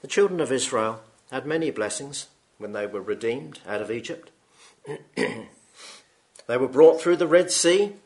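A man's voice: mid-range voice, expressive, darkish tone. Solemn man reading scripture. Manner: slow, solemn reading with throat-clearing. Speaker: preacher.

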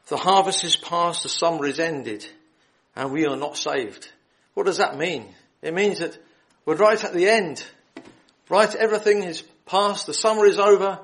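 A man's voice: a little high, fairly bright tone. A man preaching the gospel in a hall, reading scripture aloud and then appealing earnestly and directly to his listeners. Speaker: lay preacher.

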